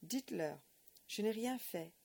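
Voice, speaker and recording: A woman's voice: mid-range voice, expressive, normal speed, creaky, darkish tone, no echo, pitched above the performer's own voice. A woman voicing a panicked, tearful young Frenchman, pleading and urgent.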